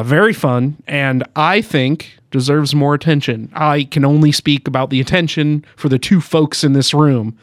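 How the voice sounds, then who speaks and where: A man's voice: mid-range voice, no room sound, clean studio sound. A man co-hosting a podcast in casual chat, eager and talkative, laughing often. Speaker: podcast co-host.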